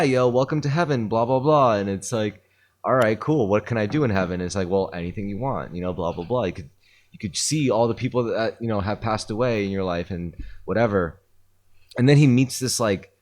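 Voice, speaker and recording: With a lowish, slightly mellow voice, a man hosting a podcast casually rambles while retelling a story, full of filler words and swearing.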